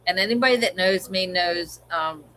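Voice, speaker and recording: A woman's voice: lowish voice, moderate pace, bright, forceful tone, rough recording. Middle-aged lady cohost, chatty, tells family stories, bit of noise in the back. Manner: chatty storyteller, acts out family quotes. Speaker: co-host of a livestream. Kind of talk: casual chat.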